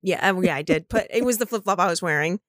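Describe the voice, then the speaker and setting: A woman in her thirties from Florida, co-hosting a podcast and telling stories in an animated, profane way. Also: on the low side, fast, no echo, clean studio sound. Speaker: podcast co-host. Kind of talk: casual chat.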